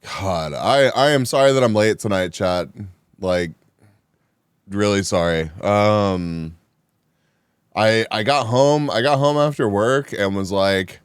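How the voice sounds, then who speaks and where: A man streaming live, chatting casually with his viewers, animated and quick to laugh, sounding a bit groggy after a nap. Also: lowish voice, smooth, dry recording, clean studio sound. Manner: animated, reactive, laughs often. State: groggy after just waking. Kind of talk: casual chat, reading chat live.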